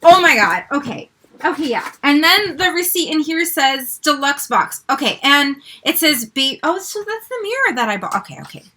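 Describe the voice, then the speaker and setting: A woman in her forties hosting an unboxing vlog, excitable, gasping and squealing as she talks. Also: sits high, normal speed. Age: 40s. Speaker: vlogger.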